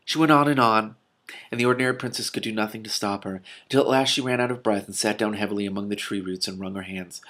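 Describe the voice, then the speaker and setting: A man reading a novel aloud with lively reactions. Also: lowish voice, fast talker. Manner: animated, exclaiming reactions. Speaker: reader and commentator.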